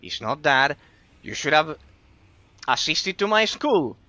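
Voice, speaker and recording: Guy streaming, bright forceful voice, keeps repeating himself and tripping over words. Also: on the high side, big pitch swings, takes it slowly, dry recording, dull audio. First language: Spanish. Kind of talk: casual stream chat with viewers.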